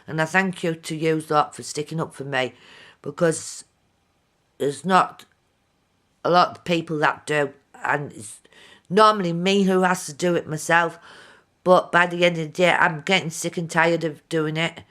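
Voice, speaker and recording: A woman's voice: low voice, steady tone, moderate pace, a bit bright. A middle-aged woman, talking heartfelt and direct to her viewers in a video diary. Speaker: vlogger.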